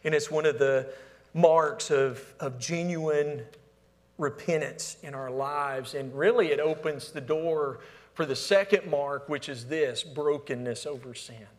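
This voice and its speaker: A man preaching a sermon as pastor, asking the congregation to fill in words and swinging between emphatic calls and hushed, near-whispered lines. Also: on the high side, measured pace. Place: church sanctuary. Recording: long hall reverb.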